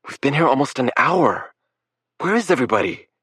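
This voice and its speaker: A man's voice: mid-range voice, big pitch swings, a little fast, fairly bright tone, husky, dry recording, clean studio sound, voice pushed up, full character voice. Man doing an urgent, worried young man.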